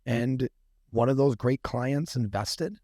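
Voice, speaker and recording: In a podcast studio, a company founder appears as a guest and tells stories in a relaxed, lively way, cursing freely and impersonating the people involved. His voice sits at medium pitch with a dark tone, and he speaks slowly; the recording is dry and studio quality.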